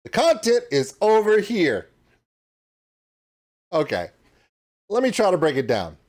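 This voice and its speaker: Man, casual tutorial, lively swooping pitch, slightly high voice, points things out as he goes. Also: measured pace. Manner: animated and demonstrative, pointing things out. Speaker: reaction channel host. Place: home streaming setup.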